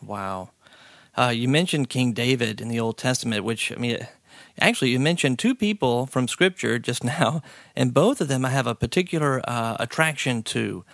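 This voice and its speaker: A man hosting a podcast interview, who also teaches high school, talking in an earnest, halting way. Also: expressive, vocal fry, fairly bright tone, dry recording, studio quality. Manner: earnest, halting, easily impressed. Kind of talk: casual interview chat.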